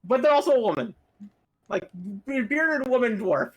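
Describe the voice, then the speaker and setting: A man chatting as a player in a tabletop game, pausing often to search for words. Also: extremely high pitch, animated, lo-fi sound, crowd noise.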